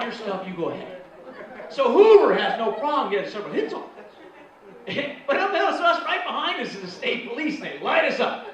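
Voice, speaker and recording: A man's voice: sits high, a bit bright, a little hiss or hum. A man doing a stand-up routine in a comedy club, telling a story and acting out the other people in it. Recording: echoey club, far mic, crowd laughter.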